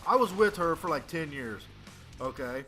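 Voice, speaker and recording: A man's voice: fairly high pitch, animated, normal speed, pushed and bright, soft background music. A man in his late twenties telling a rambling, profane, joking story as casual commentary over a video game. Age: 20s. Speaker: gaming commentator.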